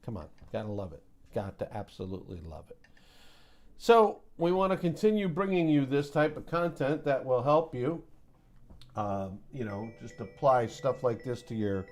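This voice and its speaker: A man's voice: medium pitch, a little mellow. A man hosting a casual market recap, chatty and joking, with sound-effect mimicry. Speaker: host of a trading recap show.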